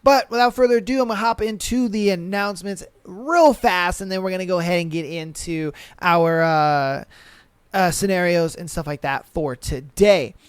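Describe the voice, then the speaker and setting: High, smooth-voiced profane podcast guy. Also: moderate pace, no room sound. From western United States. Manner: loose and profane, acts out animals and drivers in shouted voices. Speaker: podcast host. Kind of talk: casual solo podcast chat, reading and reacting to stories.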